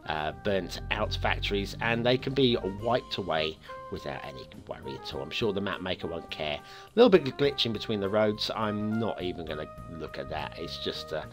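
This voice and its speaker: A man hosting a game map review show, talking in a chatty, upbeat way with playful asides. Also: low-pitched.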